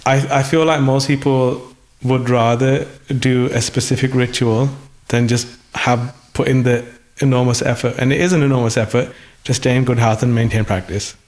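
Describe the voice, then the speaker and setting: A man's voice: mid-range voice, steady tone, moderate pace, few pauses, a little mellow. A man in a conversational interview, speaking thoughtfully with hesitant restarts, his voice still recovering after an illness. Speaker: guest musician.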